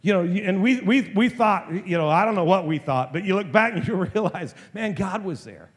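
A man in his fifties preaches a sermon as a story, stumbling over restarts and repeated words. His voice sits a little high for a man. A long reverb of a large hall trails every phrase. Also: animated, slightly rough. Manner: halting, full of repeated restarts. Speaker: pastor.

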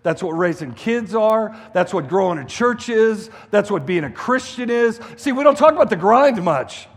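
A man's voice: high-pitched, expressive, moderate pace. A middle-aged man preaching a sermon as a guest pastor, emphatic and repetitive with frequent restarts. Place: church hall. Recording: echoey hall reverb.

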